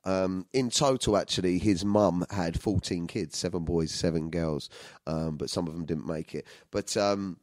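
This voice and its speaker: A man hosting his own podcast, talking in a crude, loud, jokey way that keeps breaking into laughter and shouts. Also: low voice, moderate pace, no echo. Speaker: podcast host. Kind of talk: comedic solo podcast chat.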